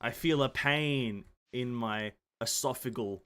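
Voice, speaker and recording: Hoarse, lively young man streamer. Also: medium pitch, normal speed, long pauses. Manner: joking, swearing, puts on a mock posh British voice. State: sore, gravelly throat. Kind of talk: casual gameplay commentary.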